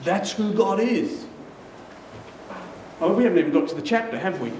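High-voiced male pastor preaching emphatically. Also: lively intonation, normal speed, a little mellow, reverberant, distant mic, a little hiss or hum, poor audio. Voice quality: emphatic, repeats key phrases for weight. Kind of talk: sermon.

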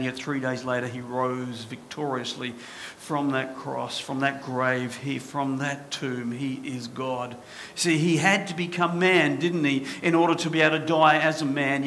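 A man's voice: medium pitch, fairly bright tone, a little hiss or hum. A man preaching a sermon as pastor, passionate and full of rhetorical questions to his congregation.

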